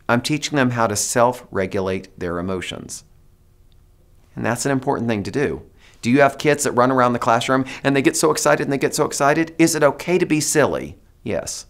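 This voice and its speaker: Male teacher trainer, mid-pitch, lively and demonstrative, coaching a room. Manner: animated, demonstrative, coaxes audience to repeat phrases. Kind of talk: presentation to teachers.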